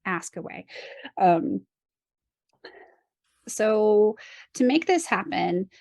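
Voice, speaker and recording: A woman's voice: medium pitch, animated, very slow, creaky, a little mellow, no echo. Woman, dance instructor, casual technical chat, playful asides, dry close sound. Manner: laughs often, explains with playful asides.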